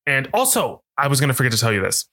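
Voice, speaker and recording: A man co-hosting a casual movie podcast, telling stories in an animated way. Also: medium pitch, fast, dry recording, clean studio sound. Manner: animated, storytelling, puts on voices. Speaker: podcast co-host.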